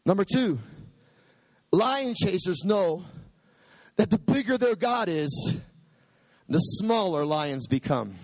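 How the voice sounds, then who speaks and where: Man preaching hard, high voice swinging all over, bursts into shouts, dry close sound. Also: sing-song, slow, long pauses, no echo. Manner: preaching with soaring pitch and sudden shouted peaks; quotes scripture in dramatic voices. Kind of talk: sermon.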